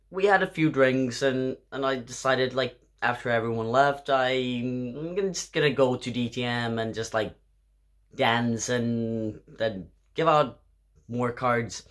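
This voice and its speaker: Tipsy guy rambling slowly at home, keeps coughing, lots of ums and restarts. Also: mid-range voice, a bit bright. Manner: rambling, with filler words and restarts. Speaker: drag performer vlogging. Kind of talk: tipsy storytelling monologue. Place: home, indoors.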